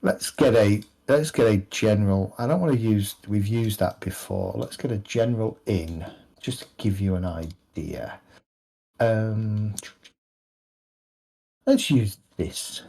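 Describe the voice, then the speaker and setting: A man runs a tabletop role-playing game, describing the scene to his players. He speaks slowly, restarting phrases and feeling his way through each description. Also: fairly low pitch, vocal fry, mellow, breathy edge, poor audio. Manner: halting, restarting narration. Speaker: game master.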